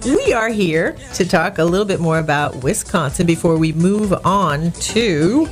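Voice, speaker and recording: Sarcastic woman radio host, low voice. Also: lively intonation, unhurried, soft background music. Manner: indignant, sarcastic, with many restarts. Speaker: radio talk show host. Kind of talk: opinionated radio talk.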